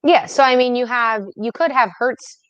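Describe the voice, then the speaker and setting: A woman co-hosting a casual sports chat, relaxed and agreeable, laughing easily. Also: fairly high pitch, normal speed, smooth, dry recording, dull audio. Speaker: podcast co-host.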